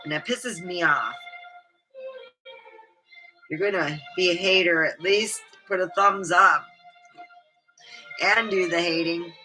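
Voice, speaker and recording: Middle-aged woman host for a loose, meandering livestream chat; low-pitched, bright tone. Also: poor audio. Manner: meandering, chatty, frequent fillers. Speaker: vlogger. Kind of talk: rambling casual livestream chat. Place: home studio. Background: faint background music.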